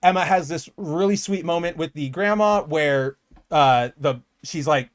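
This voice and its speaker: A young man co-hosting a podcast talks casually about comic books at an unhurried pace. His voice is a little high, and he slips into animated impressions whenever he quotes lines.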